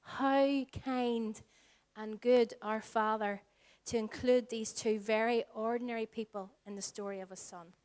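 A woman in her forties with a Northern Irish accent, preaching a sermon as pastor, earnest and shifting between slow emphatic lines and soft, hushed phrases. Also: on the high side, steady tone. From Northern Ireland. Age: 40s. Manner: earnest, varies pace, drops to soft whispers for emphasis.

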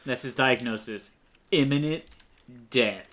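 A man's voice: mid-range voice, a little slow, noisy background. A young man co-hosting a podcast, sarcastically mocking a movie in casual chat. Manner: sarcastic, mocking, acts out quotes. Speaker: podcast co-host. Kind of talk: casual movie-review banter.

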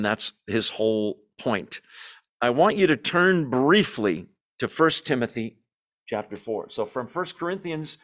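Man, Bible study teacher, conversational, verse-by-verse explaining, medium pitch. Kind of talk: informal teaching.

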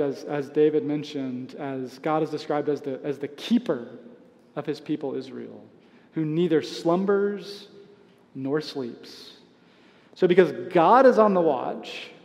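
A man preaching a sermon as pastor, conversational, with soft asides and light chuckles. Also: on the high side, long reverb tail. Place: church sanctuary.

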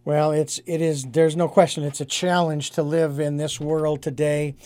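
A man hosting an interview, speaking reflectively and haltingly, with frequent restarts. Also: fairly high pitch, little pitch movement, a little mellow, dry recording. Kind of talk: conversational interview.

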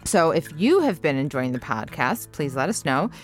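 Low-voiced woman hosting a podcast. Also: moderate pace, soft background music. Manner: steady, reading promos and thanks. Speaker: podcast host. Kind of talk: podcast announcements.

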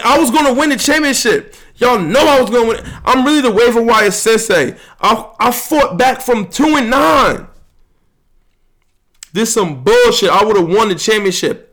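A young man with a noticeably high voice hosts a loose podcast chat. He brags, trash-talks his friends and swears freely, and his words tumble out in quick bursts. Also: fairly bright tone. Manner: boastful, heated ribbing of friends, swearing. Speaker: podcast host. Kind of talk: casual trash-talking chat.

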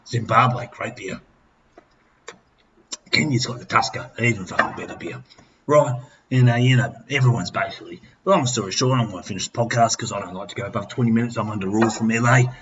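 A tipsy Australian man in his fifties hosts a podcast, rambling crudely and swearing nonstop in a boozy comic rant. His voice is medium-pitched and fairly bright. The recording sounds slightly dull, with faint noise.

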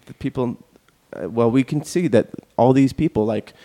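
A man's voice: medium pitch, moderate pace, mellow. A man hosting a casual group podcast chat, rambling and joking as he reads out concert listings.

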